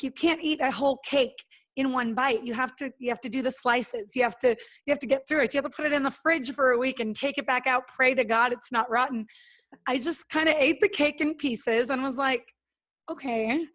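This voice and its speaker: High-voiced, earnest woman podcast guest. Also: moderate pace. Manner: animated, acts out her own thoughts and others' words; earnest and motivational. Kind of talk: casual interview talk.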